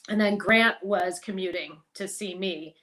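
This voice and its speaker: A woman's voice: medium pitch, a little slow. Chatty middle-aged woman telling stories. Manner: chatty, animated, laughs and swears. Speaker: podcast guest. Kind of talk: casual storytelling.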